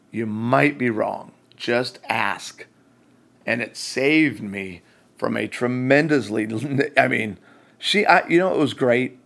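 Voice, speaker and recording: A man's voice: medium pitch, creaky, fairly bright tone. A man hosting a faith-based marriage talk, telling a story with acted-out quotes and self-deprecating humor. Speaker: host.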